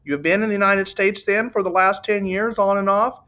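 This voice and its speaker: A man's voice: high-pitched, fairly even intonation, fairly quick, sharp tone, pitched above the performer's own voice. A man voicing a precise detective who asks formal, dry questions. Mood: probing. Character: precise, dry-witted older male detective.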